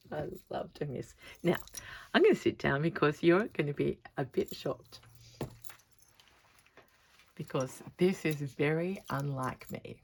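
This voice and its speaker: A woman's voice: deep voice, lively intonation, slow, long pauses, darkish tone. A woman chatting casually in a crafting vlog, thinking aloud as she works on her stitching. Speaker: textile artist showing her stitching.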